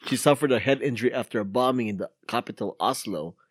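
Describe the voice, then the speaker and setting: A man's voice: mid-range voice, quick pace, no echo, studio quality. A man co-hosting a casual podcast, sharing odd news stories with many fillers and laughs. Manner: laughs often, trailing fillers. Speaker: co-host reading news items.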